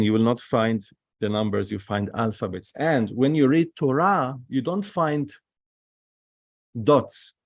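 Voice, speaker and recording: Male teacher, mid pitch, gravelly, explains patiently and keeps checking in with his students. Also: a little mellow, no room sound, studio quality. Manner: explains step by step, often checks in with "okay?". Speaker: biblical Hebrew teacher. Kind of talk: recorded online class.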